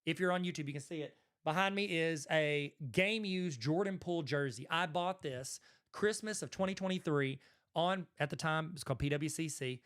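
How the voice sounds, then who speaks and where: Southern male host, slightly high pitch, casual and rambling. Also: normal speed, a bit bright, smooth. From Arkansas, USA. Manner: conversational, rambling, self-correcting asides. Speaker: host, card collector. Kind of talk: casual talking-head commentary.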